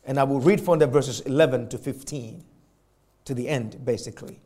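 A man preaching a sermon to a church congregation, reading scripture in a dramatic, drawn-out and emphatic way. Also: medium pitch, warm tone. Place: church, with the sermon also streamed.

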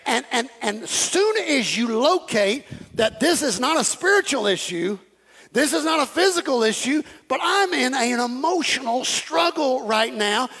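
A man preaches a lively sermon in a strikingly high voice. His tone has a gravelly rasp, and he keeps acting out little conversations and repeating phrases for emphasis. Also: measured pace. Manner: animated, acts out dialogues, repeats phrases. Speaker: pastor.

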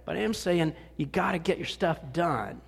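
A man's voice: a little high, lively intonation, moderate pace, gravelly, husky. A middle-aged man, a pastor preaching a conversational sermon in a church. He talks in a folksy, self-deprecating way and often restarts his sentences. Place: church sanctuary. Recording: long hall reverb.

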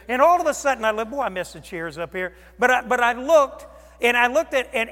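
A male pastor preaching a sermon, with dramatic swings from loud exclamations to hushed near-whispers. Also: very high voice. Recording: long reverb of a large hall.

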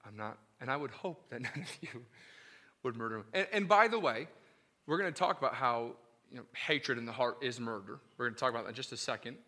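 A male pastor preaching a sermon in an animated, emphatic, conversational way. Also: medium pitch.

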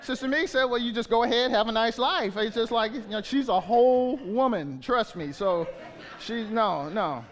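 Pastor in his sixties, high tenor, relaxed conversational preaching with frequent restarts. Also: normal speed. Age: 60s. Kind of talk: sermon.

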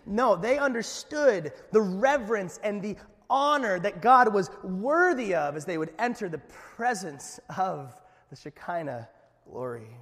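Animated male pastor in an echoey hall. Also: high voice. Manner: animated preaching with rising emphasis; conversational asides to the congregation. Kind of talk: sermon. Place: church sanctuary.

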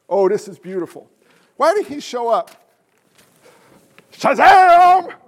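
A male pastor preaching a sermon with emphatic stresses, hushed asides and rhetorical questions to the congregation. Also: sits high, sing-song, moderate pace. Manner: swings between loud stresses and hushed asides.

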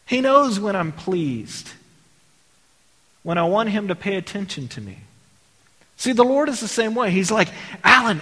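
High-voiced man preaching in a reverberant hall. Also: fairly bright tone, husky. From Texas. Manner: conversational preaching with rhetorical questions. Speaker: pastor. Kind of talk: sermon.

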